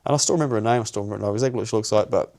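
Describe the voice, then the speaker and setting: This young podcast co-host from New Zealand has a lowish, creaky, darkish voice and rapid-fire delivery. He shares a personal story in a blunt, sweary way, throwing in "bro" again and again.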